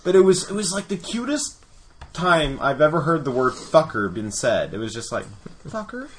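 A man's voice: on the high side, lively intonation, moderate pace, a little hiss or hum. A man in his thirties co-hosting a podcast, telling stories in a loose, rambling way and swearing freely. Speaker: podcast co-host. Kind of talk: casual chat.

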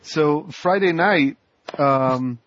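A man co-hosting a podcast, telling a rambling, animated anecdote full of restarts. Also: on the high side, very slow, a little hiss or hum. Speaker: podcast co-host. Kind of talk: casual chat, storytelling. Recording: muffled lo-fi podcast audio.

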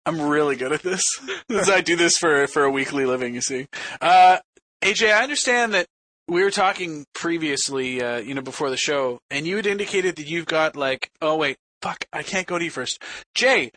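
Man, podcast host, high bright voice, self-mocking jokes. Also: expressive, moderate pace, no room sound. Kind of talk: casual chat.

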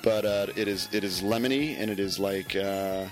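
A man's voice: low voice, normal speed, music in the background. A man hosting a casual podcast chat, joking and rambling as he talks. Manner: jokey, rambling, laughs often. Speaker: podcast host.

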